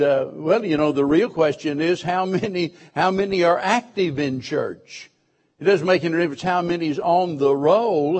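A man preaching a sermon to his church, emphatic, repeating key phrases and asking the listeners questions. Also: fairly high pitch.

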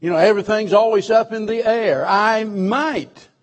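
A man's voice: high voice, fast, darkish tone, muffled recording. A man preaching a sermon to his church, emphatic, repeating key phrases and asking the listeners questions.

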